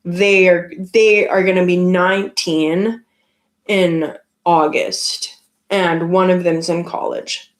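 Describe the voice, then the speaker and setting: A woman's voice: fairly low pitch, little pitch movement, slow. A Canadian woman hosting a casual live stream, chatting with viewers in a rambling way full of likes and restarts. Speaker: livestream host.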